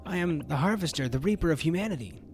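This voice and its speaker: A man doing a defiant boy, high and indignant. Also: animated, fast. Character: defiant young boy posing as a reaper.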